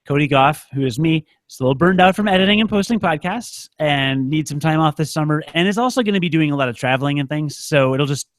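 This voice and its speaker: A man's voice: fairly high pitch, lively intonation, quick pace, hardly any pauses. A man co-hosting a podcast in casual chat, rambling and joking at his own expense. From United States. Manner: rambling, self-mocking, joking. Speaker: podcast co-host.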